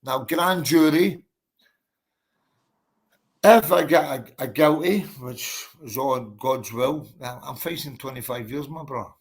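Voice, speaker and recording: A man's voice: medium pitch, a little slow, breathy edge. A man, a boxer telling his story in a casual interview, blunt and emphatic, swearing and calling the listener mate and bro.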